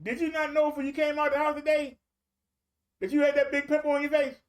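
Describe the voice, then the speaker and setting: A man voicing a tactless loudmouth who mocks people out loud, pitched up and blunt. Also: monotone, a little fast. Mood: mocking. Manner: mocking, blunt. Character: tactless loudmouth adult who blurts insults.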